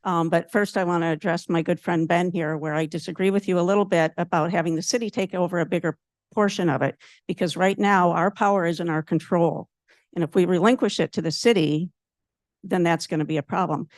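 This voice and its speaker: A woman's voice: on the low side, fairly even intonation, fairly quick, dry recording. A woman speaking at a city meeting's public comment, heated and blunt, repeating her points at a podium microphone.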